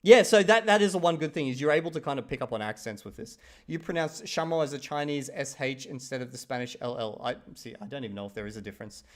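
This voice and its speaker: A man, a young adult, chatting casually on a live stream and reading viewer comments aloud, animated and quick to laugh, with casual swearing. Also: mid-range voice. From Australia.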